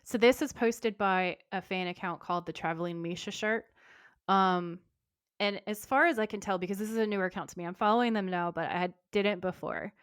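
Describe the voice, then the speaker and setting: A woman co-hosting a podcast, chatting warmly and enthusiastically and reading a post aloud. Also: mid-range voice, brisk, smooth, no echo, studio quality. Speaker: podcast co-host. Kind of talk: casual chat and reading aloud.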